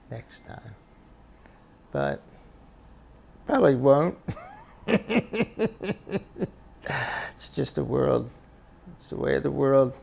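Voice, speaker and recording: An older man and grandfather giving life advice in a casual, reflective monologue, talking haltingly and often repeating his words. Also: mid-range voice, vocal fry, a little mellow.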